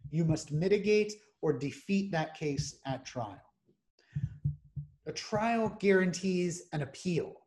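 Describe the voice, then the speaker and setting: A man hosting a podcast, explaining legal matters in measured, methodical lists. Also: fairly high pitch, darkish tone. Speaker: criminal defense attorney host.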